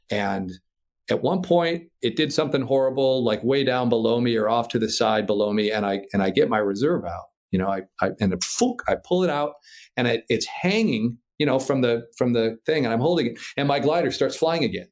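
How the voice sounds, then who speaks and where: A man from Minnesota tells his story as a podcast guest, with a mid-pitched voice. His delivery is lively and casual, full of swearing, with laughs breaking into the scary parts. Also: a little fast. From Minnesota, USA. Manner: animated, swears freely, laughs through tense moments. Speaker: podcast guest, paraglider pilot.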